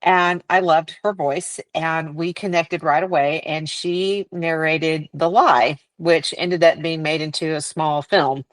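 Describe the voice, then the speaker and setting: Woman, podcast guest, author, deep low voice, chatty, heartfelt, dry close sound. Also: fairly even intonation, slow, hardly any pauses, dry recording. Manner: chatty, heartfelt storytelling with frequent laughter. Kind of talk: casual podcast interview.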